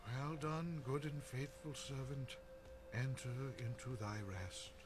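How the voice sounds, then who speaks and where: A man playing a calm, solemn apostle. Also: mid-range voice, slow pace, music in the background, lightly acted. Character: calm, steady male apostle leader. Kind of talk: radio drama acting.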